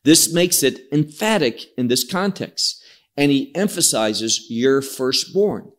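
A man's voice: medium pitch, lively intonation, slow. A man teaching through a scripture passage in an expository sermon, explaining words emphatically. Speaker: Bible teacher.

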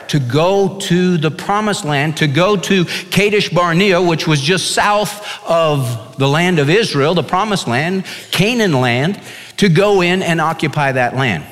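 A man preaching a radio sermon as a pastor, animated, swinging his pitch and pace and acting out whiny kids. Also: long reverb tail.

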